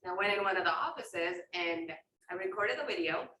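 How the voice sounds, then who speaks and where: A woman's voice: fairly low pitch, a little fast, pushed and bright, recorded from a distance. Candid, self-deprecating woman sharing in a group; off-mic, roomy, with noise behind. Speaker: workshop participant, real estate agent. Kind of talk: candid personal story in a group.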